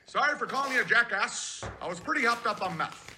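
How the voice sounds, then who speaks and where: A man doing a crude parody impression of an older former president, in a calm, measured delivery with odd pauses. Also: very high-pitched, a little hiss or hum, exaggerated voice. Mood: mocking. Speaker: caller.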